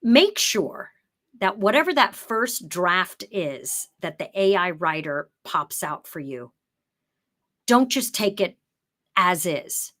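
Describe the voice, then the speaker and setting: A woman's voice: lowish voice, sing-song, slow, fairly bright tone. Chatty woman teaching an online workshop. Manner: chatty, explains by demonstrating; drops into emphatic, broadcaster-style read when showing the script. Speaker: workshop presenter.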